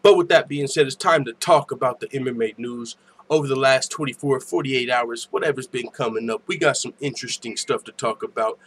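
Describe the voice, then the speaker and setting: A man's voice: mid-range voice, fairly quick, a bit bright, slightly rough. A man hosting a casual MMA news livestream, joking loosely, swearing often and reading viewer comments aloud. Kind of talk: casual profane livestream chat.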